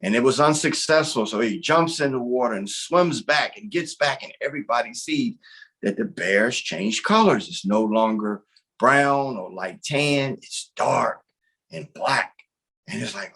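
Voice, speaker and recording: A man from North Carolina telling a traditional creation tale in a lively, conversational storyteller's manner. His voice is of middling pitch with a slightly husky, breathy edge. He keeps checking in with his listeners as he goes. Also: unhurried. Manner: animated, conversational, with frequent "right?" check-ins.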